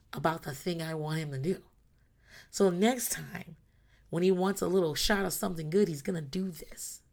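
A woman with a slightly low voice talks frankly about raising her kids. She swears freely and acts out little scenes, shifting into her kids' whiny voices and her own stern or thankful tones. Her delivery is animated and casual. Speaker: parent. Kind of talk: casual talk to camera about parenting.

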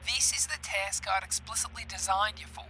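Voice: medium pitch, brisk, bright, forceful tone, slight background noise, pitched above the performer's own voice, poor audio. A game master voicing a cold, condescending male corporate boss, heard as a played-back audio message. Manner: condescending, clipped orders.

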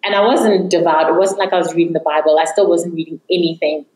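A woman's voice: on the low side, fairly even intonation, fast talker, warm tone. A young woman earnestly telling her personal faith testimony as an interview guest. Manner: earnest, reflective storytelling. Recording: echoey room.

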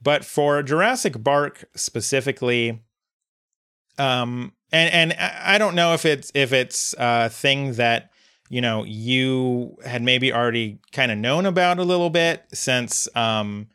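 A man's voice: mid-range voice, expressive, unhurried, sharp tone, clean tone. A man co-hosting a podcast in casual chat, talking in a reflective, rambling way with lots of filler words. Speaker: podcast co-host.

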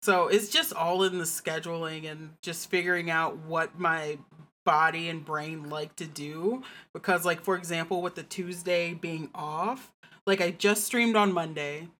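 A woman's voice: fairly low pitch, fairly even intonation, unhurried, a bit bright. A woman guest in a casual podcast chat, chatty and self-deprecating, laughing often.

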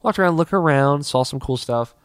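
A man in casual podcast chat, animated, swearing freely and laughing often. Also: fairly high pitch, a little fast, clear, resonant tone, dry recording, studio quality. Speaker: co-host.

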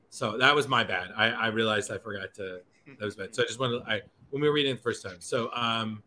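A man's voice: mid-range voice, brisk, pushed and bright, a little hiss or hum. A man hosting a podcast in casual chat who rambles, swears and corrects himself as he goes. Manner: rambling, profane, self-correcting. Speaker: podcast host.

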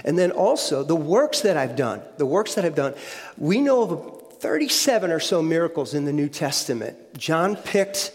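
A man's voice: on the high side, animated, moderate pace. A man giving a conversational sermon as a guest speaker, often repeating words and checking in with the audience. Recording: long hall reverb.

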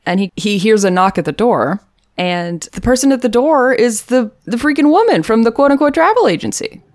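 A woman's voice: a little high, big pitch swings, brisk, darkish tone, no room sound, studio quality. A woman co-hosting a podcast, recapping a TV episode in a chatty, jokey way with lots of fillers and laughter. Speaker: podcast co-host. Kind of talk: casual chat recapping a TV episode.

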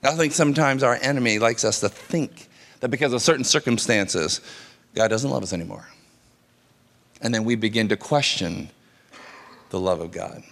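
This pastor's medium-pitched, slightly bright voice moves at a moderate pace with long pauses as he gives an earnest, conversational sermon, repeating words along the way. A hall's long reverb fills the recording.

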